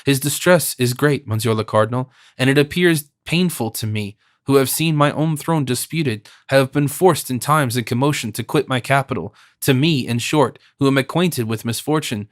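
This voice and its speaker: A man's voice: mid-range voice, moderate pace, hardly any pauses, no room sound, studio quality, lightly acted. A man playing a proud, earnest young king. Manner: haughty yet pleading.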